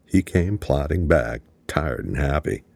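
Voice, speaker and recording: A man reading an audiobook as narrator in a steady, matter-of-fact way. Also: rumbling low, unhurried, gravelly, no echo. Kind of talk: scripted narration.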